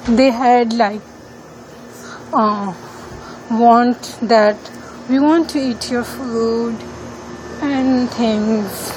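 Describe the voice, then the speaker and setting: Hesitant non-native woman, slow and high. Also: steady tone, a little mellow, slight background noise, poor audio. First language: not English. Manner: hesitant, many fillers and restarts. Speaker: student. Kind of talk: casual walking-tour vlog. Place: outdoors in an apartment neighborhood.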